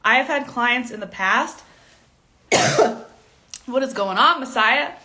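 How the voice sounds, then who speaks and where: Her voice is fairly high, bright, and forceful, expressive yet slow as this young stylist teaches casually on a livestream. Candid and talkative, she laughs frequently, fills with "like," and keeps coughing from a throat tickle.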